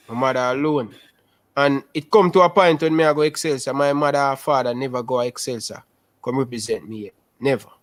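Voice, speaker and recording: Speaking in a mid-range voice with a Jamaican Patois accent, a young interview guest recounts his life story on a casual video call. His delivery is lively and he tends to repeat himself.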